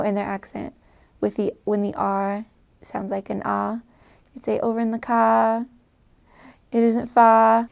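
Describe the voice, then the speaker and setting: A young American woman chatting casually to camera, with lots of fillers, soft trailing phrases and frequent laughs. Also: medium pitch, creaky. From United States. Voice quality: filler-heavy, laughing often, trailing off softly. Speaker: vlogger. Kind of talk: casual chat.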